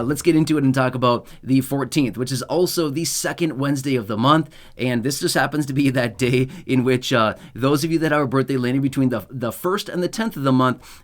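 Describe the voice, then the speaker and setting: A man hosting his own channel, explaining payment dates in a chatty way, with sarcastic asides and frequent tag questions. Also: medium pitch. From United States. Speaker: channel host. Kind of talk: casual explainer monologue.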